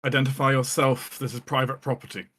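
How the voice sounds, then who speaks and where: A man's voice: medium pitch, flat delivery, fast, a bit bright, lightly acted. A man voicing an armored male house guard in a tabletop game, giving curt commands. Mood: stern.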